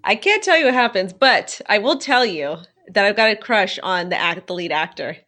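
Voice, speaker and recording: A woman co-hosts a casual podcast chat, spinning a story with a playful, chatty flow full of "like." Her voice sounds bright and crisp. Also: medium pitch, animated, moderate pace. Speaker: podcast co-host.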